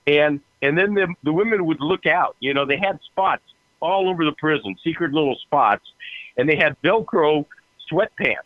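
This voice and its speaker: The guest here is a man whose voice sits a little high, speaking expressively at normal speed. He shares casual stories, laughing and imitating other voices, heard on a tinny phone line that's dry and free of room sound.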